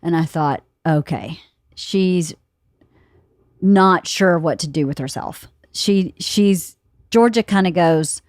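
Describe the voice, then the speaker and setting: A woman's voice: fairly low pitch, takes it slowly, dry recording, clean studio sound. A woman in her fifties hosting a podcast, chatting casually and acting out quotes as she tells a story. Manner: animated storyteller who laughs often and acts out quotes. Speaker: podcast host. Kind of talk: casual chat. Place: home studio room.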